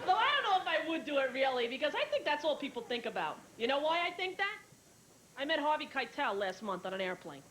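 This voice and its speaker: A woman in her thirties performing a brash, fast-moving stand-up comedy set, acting out other people's lines, with an audience laughing. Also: sits high, sing-song. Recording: old VHS tape with hiss.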